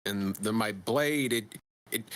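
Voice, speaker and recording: Slow, stumbling deep-voiced male player. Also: expressive, sharp tone. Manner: stumbling, many fillers and restarts. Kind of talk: tabletop game chat.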